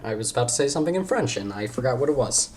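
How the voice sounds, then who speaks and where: A young man hosts a relaxed podcast, his darkish, medium-pitched voice racing along in a sing-song way over a little hiss or hum. He rambles and jokes, regularly breaking off partway through sentences.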